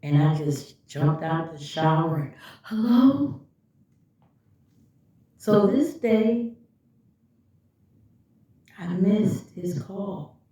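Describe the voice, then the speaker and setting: A woman's voice: deep voice, fairly even intonation, slow, pauses often, dark tone. A woman vlogger telling a personal story and speaking directly and emphatically to her viewers. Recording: echoey room, far from the mic, dull lo-fi.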